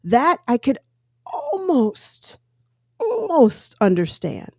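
A woman's voice: medium pitch, normal speed, mellow, dry recording, studio quality. A woman hosting a solo podcast, telling a news story and giving her opinions in a rambling, self-correcting way. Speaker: podcast host. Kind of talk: casual solo podcast commentary.

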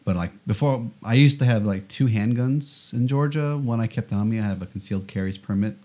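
A man's voice: lowish voice, a little fast, warm tone. A man from the United States, an English teacher, answering interview questions in an easygoing way with short, agreeing replies. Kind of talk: casual interview chat.

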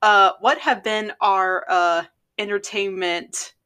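A woman's voice: medium pitch, fairly even intonation, slow pace, sharp tone, clear, resonant tone. A woman co-hosting a podcast in casual chat, chatty with frequent fillers and laughter. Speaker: podcast co-host.

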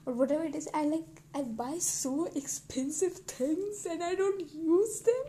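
Speaking at a measured pace in a mellow, high-pitched voice, this teen girl vlogs casually to camera. Her talk is rambling and self-deprecating, full of giggles, and faint background noise runs underneath.

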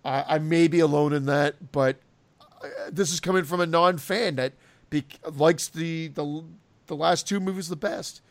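A man's voice: a little high, fairly even intonation, moderate pace, dry recording. A man hesitantly sharing his opinion in a casual film chat, trailing off as he speaks. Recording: dry close sound.

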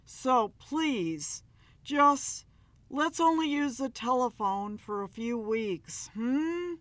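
A woman voicing a male spirit medium who is possessed, wailing in slow, drawn-out moans. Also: sits high, animated, fairly bright tone, no room sound, voice pushed up, full character voice. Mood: pleading.

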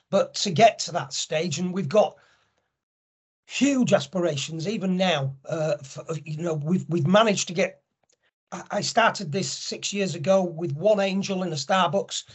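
A man's voice: sits high, husky. A middle-aged man talking candidly as a podcast guest, telling stories with lots of restarts. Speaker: podcast guest, angel network founder. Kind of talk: conversational storytelling.

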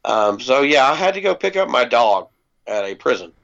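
In dull lo-fi podcast audio, a co-host who is a parent relaxes into a long personal story, sprinkling in ums and casual swearing. His mid-range voice swings widely in pitch at a moderate pace, with vocal fry and a slightly bright tone.

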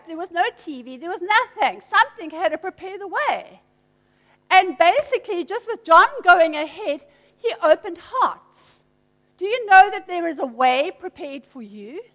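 A woman's voice: very high-pitched, a bit bright. A woman preaching a sermon, emphatic and teasing with playful asides. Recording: long hall reverb.

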